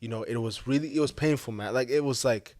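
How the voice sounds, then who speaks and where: A man's voice: mid-range voice, quick pace, darkish tone, no room sound. Young man, African accent, earnest heartfelt guest, dry close sound. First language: African language. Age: young adult. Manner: earnest, heartfelt, many fillers. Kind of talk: casual chat.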